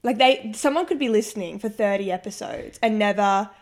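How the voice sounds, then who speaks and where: A woman's voice: mid-range voice, brisk. A young woman co-hosting a podcast in casual chat, talking candidly and throwing in teasing jokes. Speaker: podcast co-host.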